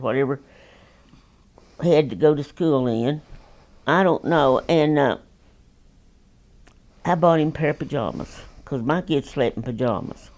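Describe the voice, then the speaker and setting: A woman's voice: low-pitched, darkish tone. Old texas lady in her 90s, folksy and rambling, plain talk, telling stories from way back. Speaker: interviewee. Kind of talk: oral history storytelling.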